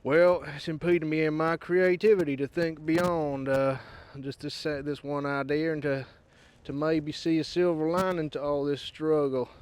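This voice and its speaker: An English man putting on a gruff Southern US drawl for a vlog monologue, folksy and fond of "y'all". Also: on the high side, steady tone, normal speed, few pauses, darkish tone, natural voice. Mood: frustrated. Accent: put-on Southern US drawl. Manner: folksy, says "y'all", swears casually.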